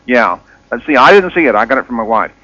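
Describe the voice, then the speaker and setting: A man's voice: medium pitch, lively intonation, fast, sharp tone, no room sound. A man calling in to a radio talk show, talking hesitantly with frequent fillers. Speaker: caller. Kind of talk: call-in radio chat. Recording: dull lo-fi radio call.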